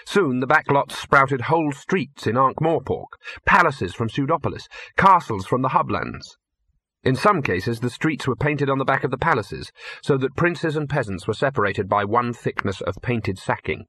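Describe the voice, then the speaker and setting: A man's voice: medium pitch, lively intonation, moderate pace, bright, forceful tone, breathy edge, dry recording. A man reading a comic fantasy story aloud in a dry, wry storytelling manner. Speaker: audiobook narrator. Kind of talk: scripted narration.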